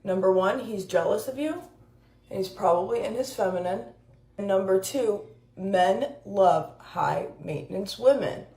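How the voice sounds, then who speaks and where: A woman delivers blunt relationship advice to camera in a lecturing, emphatic way. Her voice sits at a middling pitch. The room is echoey around her. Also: animated, a little slow, gravelly, warm tone. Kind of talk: direct-to-camera advice rant.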